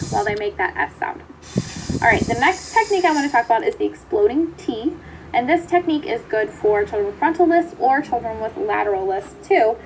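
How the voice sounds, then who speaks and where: High-voiced woman teaching speech therapy. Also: slight background noise, rough recording. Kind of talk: instructional video lesson.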